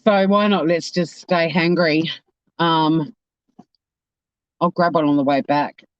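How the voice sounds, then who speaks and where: A woman's voice: sits low, steady tone, slow, no echo, muffled recording. Exasperated woman ranting from her car. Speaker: YouTuber. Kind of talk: casual vlog rant. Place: inside a car.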